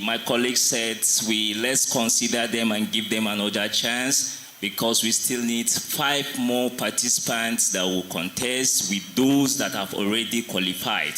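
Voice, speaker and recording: A man from Nigeria, a judge at a school competition, announcing the qualifiers in a measured, slightly hesitant way. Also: medium pitch, pushed and bright. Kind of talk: formal announcement. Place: school hall. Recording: echoey hall, faint noise.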